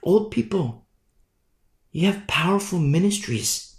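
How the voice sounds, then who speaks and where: An emphatic preacher man delivering a sermon, indignant and insistent. His voice sits on the high side and has a gravelly rasp. It echoes around the room it was recorded in. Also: unhurried. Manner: emphatic, indignant, repeats "you see?".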